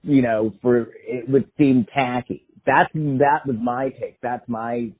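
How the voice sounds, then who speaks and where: Husky-voiced guest man, tinny line. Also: medium pitch, steady tone, slow. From West Coast of the US. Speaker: podcast guest. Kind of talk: casual chat.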